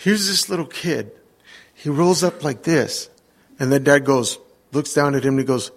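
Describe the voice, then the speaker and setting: Gravelly, husky man telling a sermon story. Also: a little high, normal speed. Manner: animated anecdotes with quoted voices and laughter. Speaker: preacher.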